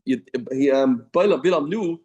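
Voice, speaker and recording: A man giving a daily Talmud class in a study hall, lively, weaving Hebrew and Yiddish terms into English. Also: on the high side, normal speed, lo-fi sound. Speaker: Talmud teacher. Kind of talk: Talmud lecture.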